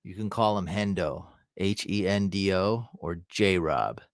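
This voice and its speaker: Low-voiced man streaming fantasy advice. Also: measured pace, no echo, clean studio sound. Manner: thinks aloud, answers chat questions. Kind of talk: casual live-stream advice.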